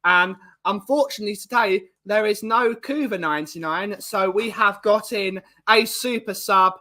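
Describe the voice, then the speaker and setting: A man's voice: high voice, moderate pace, bright, forceful tone. A man hosting a casual podcast, bantering and reading out names from the chat. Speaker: podcast host.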